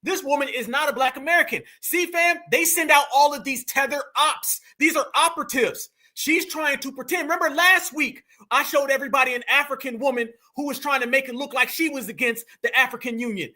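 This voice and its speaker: A man with a strikingly high, bright and forceful voice hosts a live stream. He talks emphatically and turns often to his chat. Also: fairly quick, few pauses. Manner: emphatic, addresses the chat directly. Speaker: livestream host.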